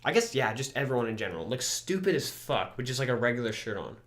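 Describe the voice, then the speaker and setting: A man's voice: mid-range voice, big pitch swings, fast, a bit bright. A young man co-hosting a podcast in casual chat, laughing often and swearing freely. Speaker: podcast co-host.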